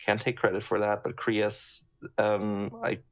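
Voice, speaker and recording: A man with a fairly low voice talks through his sound design work in a loose, meandering way, pausing often with ums. He speaks over a call microphone, and the talk stays easygoing and conversational. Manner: relaxed, rambling, many ums. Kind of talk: casual chat on a stream.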